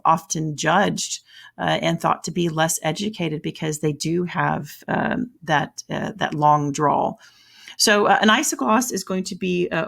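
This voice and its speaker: A woman with a Southern US accent gives a recorded lesson in a low, gravelly voice. She explains things in a chatty way and often stops mid-sentence to correct herself. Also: fairly bright tone. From American South. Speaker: teacher.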